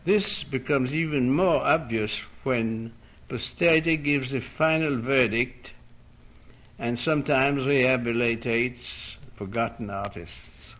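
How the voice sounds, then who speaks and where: A man reading a prepared lecture aloud in a measured, formal way, now and then correcting a word. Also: mid-range voice, fairly bright tone, poor audio.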